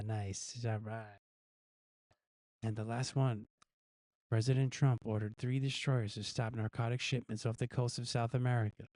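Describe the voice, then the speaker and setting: Male live-stream host, dark mellow tone, dry close sound, playful quiz reader. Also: mid-range voice, no echo. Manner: jokey, reads quiz questions aloud and guesses the answers himself; chuckles at his own gag answers. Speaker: news show host.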